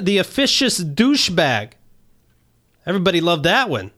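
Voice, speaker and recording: A man hosting a comedy podcast, talking loudly and jokily in casual banter. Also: a little high, very animated, normal speed. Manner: loud, jokey, slips into voices. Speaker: podcast host.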